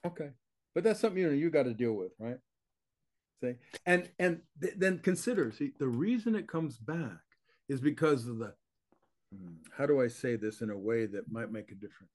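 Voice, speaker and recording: An older man who teaches consciousness speaks as an interview guest, blunt and emphatic, laughing often and repeatedly checking in with his listener through rhetorical questions. His voice is medium-pitched and animated, at a normal pace.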